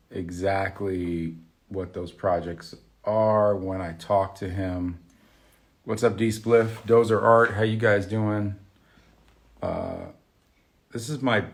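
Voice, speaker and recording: A man's voice: low voice, gravelly. A man hosting an art talk show on a live stream, chatting casually and greeting viewers by name. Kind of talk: casual livestream chat. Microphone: webcam on a live video stream.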